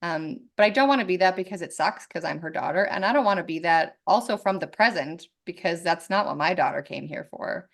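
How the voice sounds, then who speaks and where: Gravelly, candid woman guest. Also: fairly low pitch, fairly quick, few pauses. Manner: candid, animated, swears freely. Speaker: podcast guest. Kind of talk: casual conversation.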